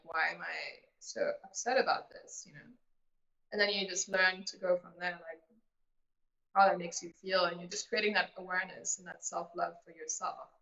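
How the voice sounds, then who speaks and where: A woman with a bright, clear voice explains her advice earnestly, as a relationship coach talking through a video call. The sound is muffled and rings in a roomy, echoey space. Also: medium pitch. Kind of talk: casual interview advice.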